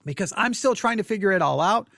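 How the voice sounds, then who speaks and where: Flustered preacher, winded, higher voice, dry close mic. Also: male voice, expressive, fast, vocal fry, fairly bright tone, no echo. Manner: flustered, rambling restarts. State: out of breath. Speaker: Baptist preacher commenting on news. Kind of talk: off-the-cuff news commentary. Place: church building. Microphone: desk microphone.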